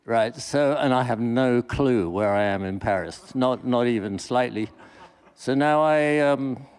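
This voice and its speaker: A man from England chairing a festival panel, telling a lively anecdote and acting out the voices in it. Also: medium pitch. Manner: lively storyteller, acts out quoted voices. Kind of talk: anecdote to an audience. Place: festival panel before an audience.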